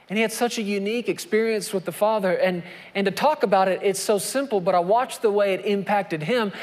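A male pastor with a high voice preaches with emphasis and returns to the same phrases. His words ring out with a long reverb, as in a large church sanctuary. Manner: repetitive, emphatic preaching with scripture reading. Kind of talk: sermon.

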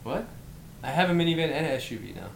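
A man in his thirties co-hosting a podcast, chatting casually and laughing as he tells quick stories. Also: creaky. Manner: animated, laughing, quick storyteller. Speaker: podcast co-host. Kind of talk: casual chat. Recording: echoey room with faint rumble.

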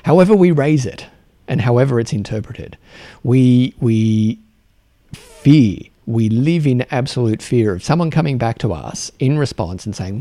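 A man with an Australian accent hosting a solo podcast, talking earnestly and haltingly with many restarts and repeated words. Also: medium pitch, animated, mellow, no room sound. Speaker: podcast host.

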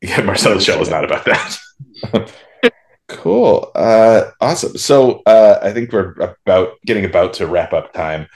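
A man's voice: fairly low pitch, animated, measured pace. A man hosting a casual podcast chat over a video call, joking and restarting his sentences as he talks. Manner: chatty, joking, stammers on restarts. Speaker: podcast host.

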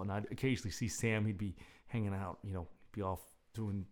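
A man's voice: lowish voice, fast talker. A man telling a casual, rambling story with self-deprecating humor. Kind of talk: casual anecdote.

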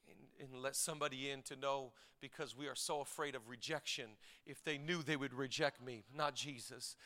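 A male pastor preaching a live sermon, swinging from shouted exclamations to hushed passages. He repeats phrases for emphasis and calls on the congregation to give praise. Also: medium pitch, long reverb tail. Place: church service.

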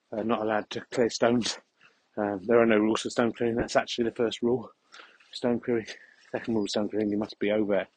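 Deadpan rambling man on a country walk. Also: lowish voice, slightly rough, low-quality recording. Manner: deadpan, mock-serious, rambling. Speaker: podcast host. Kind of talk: comic rambling monologue on a walk. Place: outdoors in the countryside, walking a dog.

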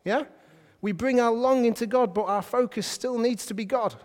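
A man preaching a sermon to a congregation in a lively, conversational way, often putting questions to them. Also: extremely high pitch, normal speed. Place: church hall. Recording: hall reverb.

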